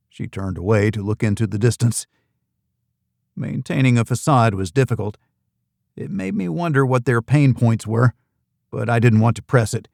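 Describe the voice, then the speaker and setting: A man narrating a thriller audiobook in the first person, in an even, measured reading. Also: medium pitch, creaky, dry recording, studio quality.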